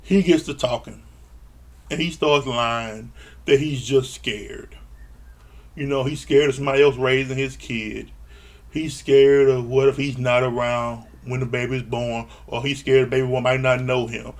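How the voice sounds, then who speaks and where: A man's voice: medium pitch, fairly even intonation, measured pace. A man recapping a reality TV episode in a blunt, exasperated rant, swearing freely. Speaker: reality TV reviewer. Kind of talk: casual ranting recap.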